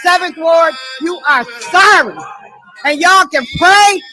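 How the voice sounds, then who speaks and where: Woman yelling at city council, high voice, slow heavy delivery, keeps repeating herself. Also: no echo, poor audio. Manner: shouting, repetitive and accusing. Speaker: resident speaking at public comment. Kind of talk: angry protest speech.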